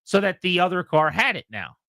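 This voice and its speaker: Animated man telling a story on the radio. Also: high-pitched, fairly quick, no echo, studio quality. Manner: animated storyteller, acts out voices in quotes. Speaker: radio show host. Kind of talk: casual sports radio chat, telling a story.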